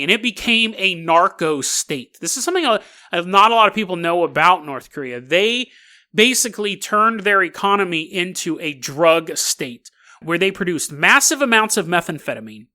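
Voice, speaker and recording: Male podcast host with a bright, high voice; playful storyteller who acts out goofy scenes. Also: very animated, normal speed. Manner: jokey, acts out silly little scenes. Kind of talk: comedic storytelling monologue.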